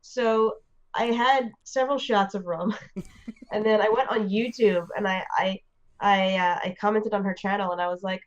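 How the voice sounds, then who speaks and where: A woman from the United States telling a story in a casual, animated way, full of fillers and restarts. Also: medium pitch, normal speed, muffled recording. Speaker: interview guest.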